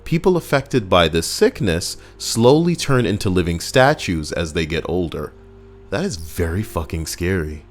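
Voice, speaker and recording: A man's voice: sits low, sing-song, normal speed. A man giving casual, crude and rambling gameplay commentary, reading out a list while he plays and cracking jokes. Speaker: gaming YouTuber. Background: faint background music.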